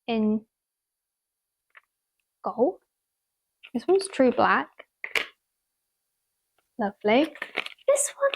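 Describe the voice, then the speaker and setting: A young woman, chatting casually and gushingly in a vlog, full of "like" and little laughs. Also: a little high. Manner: bubbly, gushing, lots of "like". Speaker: vlogger.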